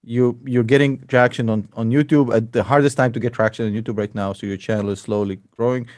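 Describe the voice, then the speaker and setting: A man's voice: mid-range voice, steady tone, quick pace, a little mellow, dry recording, studio quality. A man, an investor and podcast co-host, chatting casually and joking a lot. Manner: laughs a lot, calls people bro.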